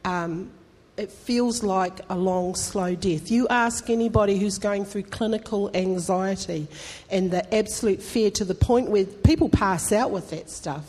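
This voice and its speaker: Woman pastor, chatty but fervent sermon delivery, mid-pitched, long church-hall reverb. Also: a little slow, darkish tone. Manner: conversational, emphatic, rising to fervent appeals.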